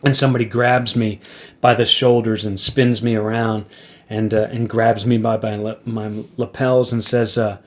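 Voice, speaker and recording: A man's voice: lowish voice, normal speed. Man telling a wry road story. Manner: wry anecdote-telling, animated when acting out quotes. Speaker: podcast host and musician. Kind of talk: casual storytelling to a guest.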